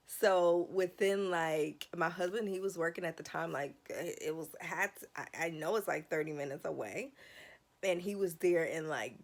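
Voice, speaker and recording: Low, gravelly woman vlogger. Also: lively intonation, unhurried. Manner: emotional, rambling retelling with restarts. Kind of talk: casual story time.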